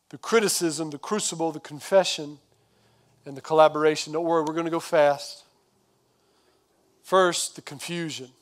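A male pastor giving a sermon, retelling the story in a casual, conversational way with quick asides. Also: a little high.

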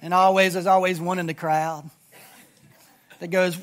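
A man's voice: sits high, level tone, moderate pace, fairly bright tone. A middle-aged man preaching a sermon in a conversational, humorous storytelling style to his congregation. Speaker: pastor.

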